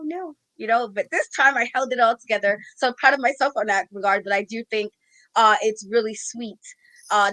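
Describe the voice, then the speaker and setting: A woman co-hosting a casual chat, talking in an animated way, a self-described easy crier. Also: medium pitch, dry recording, poor audio. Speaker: co-host.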